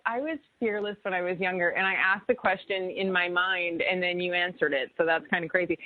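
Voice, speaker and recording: A woman co-hosting a radio talk show, telling a personal story in a lively way and acting out the voices. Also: medium pitch, dry recording. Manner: animated storyteller, acts out voices. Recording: dry phone-line audio.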